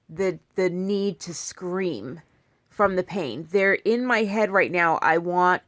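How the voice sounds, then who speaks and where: A woman's voice: mid-range voice, no room sound. A young woman speaks to her phone camera while in pain, circling back and restarting her sentences as she talks. Her voice sits in a middle range and sounds dry and close, with no room around it. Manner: rambling, many restarts and asides. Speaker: vlogger. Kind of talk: casual talk to camera.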